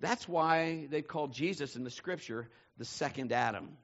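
A male pastor preaching a sermon, telling stories with lively energy and building to shouts. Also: on the high side, moderate pace, muffled recording. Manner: animated storytelling, building to shouts.

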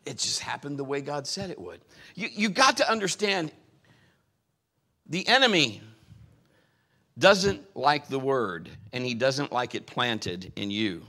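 A middle-aged male pastor preaching a sermon and telling stories from his life, pressing his key points with sudden bursts of loudness. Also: medium pitch, very animated, unhurried, long pauses. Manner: emphatic, swells loudly on key points. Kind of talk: sermon with personal storytelling.

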